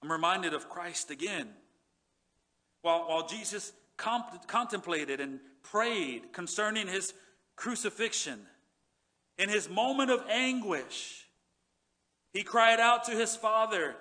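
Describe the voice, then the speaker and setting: A male pastor preaching a sermon in earnest, repeating words and dropping low and soft when he reads scripture. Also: expressive, slow pace. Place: church sanctuary.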